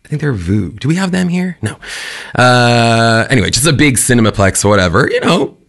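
Man, radio host, casual on-air chat from a studio; lively, gravelly, quick to laugh. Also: medium pitch. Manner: chatty storyteller, laughs often.

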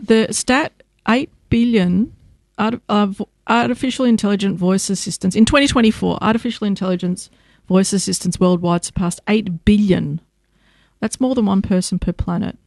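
A woman's voice: mid-range voice, moderate pace, gravelly, darkish tone, no room sound. A woman co-hosting a weekend breakfast radio show, chatty and thinking aloud in casual studio talk.

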